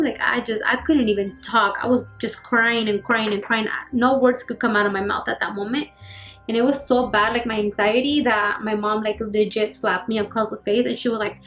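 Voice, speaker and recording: A young woman vlogger telling a personal story in casual, rapid speech full of fillers and quoted dialogue. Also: a little high, steady tone, fairly bright tone. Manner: rapid, filler-heavy retelling with acted quotes. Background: faint background music.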